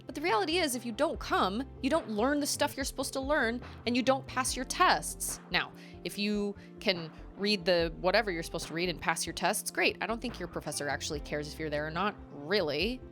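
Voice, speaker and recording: A young adult woman, a live streamer, telling stories in a chatty, animated way with quick asides. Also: mid-range voice, soft background music. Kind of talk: casual storytelling on a live game stream.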